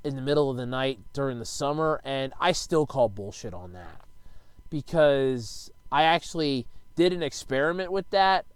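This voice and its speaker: Man, rambling vlog talk, casual swearing, smooth clear voice, dry close-miked sound. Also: mid-range voice, lively intonation, moderate pace, no room sound. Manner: rambling, swears casually, sudden loud outbursts. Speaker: YouTuber answering viewer questions. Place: his bedroom at home. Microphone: close desk microphone.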